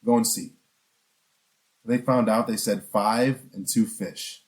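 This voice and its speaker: A man's voice: lowish voice, fairly even intonation, slow. A man preaching a sermon in an earnest, conversational way, asking the listeners questions and often restarting his sentences. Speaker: pastor.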